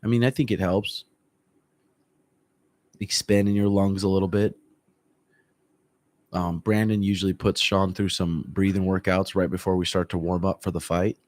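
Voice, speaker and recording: Low-voiced man chatting casually, dry sound. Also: moderate pace, long pauses, no echo. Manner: relaxed, profane, frequent throat clearing. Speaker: MMA coach. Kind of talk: casual livestream chat answering viewer comments. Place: room at home.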